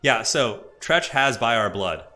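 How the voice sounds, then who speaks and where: A young man hosting a live game stream, chatting casually and excitably with viewers and often laughing. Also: mid-range voice, a little slow, faint music behind. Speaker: streamer hosting multiplayer matches.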